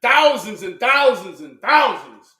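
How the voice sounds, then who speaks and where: High-voiced man shouting roast jokes. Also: sing-song, a little slow. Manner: loud, shouting punchlines, cackling laughter. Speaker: roast commentator. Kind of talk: mocking roast commentary. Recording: echoey room, far from mic.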